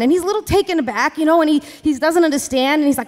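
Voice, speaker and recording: A woman telling a story live on a theater stage, fast and chatty, full of "like" and "you know.". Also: high voice, expressive, a bit bright. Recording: live theater hall reverb, faint music.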